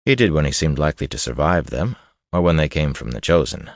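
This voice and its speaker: A man reads an audiobook in a steady, even manner. His voice is very deep, and the recording is dry and close. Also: fairly quick, no echo. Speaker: narrator. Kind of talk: audiobook narration.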